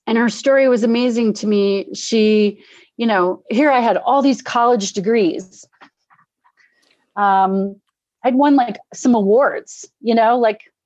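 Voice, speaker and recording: A middle-aged woman tells a personal story in a relaxed, conversational way. She is animated and slips into the voices of the people she quotes. The recording is dull and dry. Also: a little high, dry recording. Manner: animated, acts out quoted voices, laughs often. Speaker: guest sharing recovery story. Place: Denver area.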